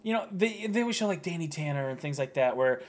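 A man co-hosting a podcast in casual chat, talking in halting bursts with frequent restarts. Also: on the high side, expressive. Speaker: podcast co-host.

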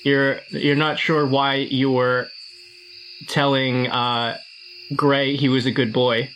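Brief: man at a tabletop game, sheepish and chuckling, mid-pitched voice. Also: little pitch movement, takes it slowly, fairly bright tone, slight background noise, rough recording. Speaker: player. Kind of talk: casual play at a tabletop game.

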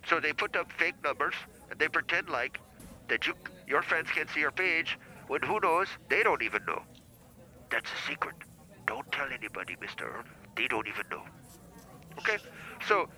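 A man doing a mock-polite, deadpan support agent who calls everyone sir. His voice is very bright and sharp, sitting a little above the usual male range. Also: fairly high pitch, brisk, low-quality recording.

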